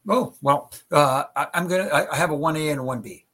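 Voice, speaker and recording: A man's voice: fairly high pitch, fast talker, fairly bright tone. A middle-aged man, a former wrestling referee, chatting on a podcast and telling anecdotes with many stammered restarts. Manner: chatty storyteller with frequent stammered restarts and laughter. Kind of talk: casual podcast chat, anecdotes.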